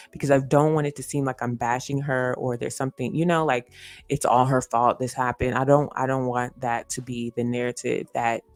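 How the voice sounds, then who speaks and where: Woman, livestream host, casual commentary, earnest, repeats points, "you know" fillers, gravelly voice, dry close sound. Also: rumbling low, a little mellow, no room sound. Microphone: streaming setup.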